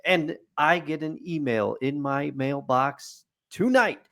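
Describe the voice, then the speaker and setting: Podcast co-host, man, playful mock-news delivery, unhurried, slightly high pitch. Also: fairly bright tone. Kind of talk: casual chat.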